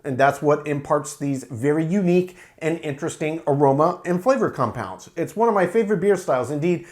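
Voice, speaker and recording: A man reviewing a beer to camera in a relaxed, explanatory way, with frequent fillers. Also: a little high, fairly quick.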